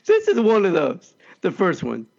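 Man, podcast co-host, excitable storyteller, slightly high voice, gravelly edges. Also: moderate pace, dull audio. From California. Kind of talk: casual storytelling chat.

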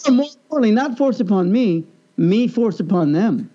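A man casually telling a personal story in an animated way, acting out the people he quotes. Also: high voice, moderate pace, lo-fi sound.

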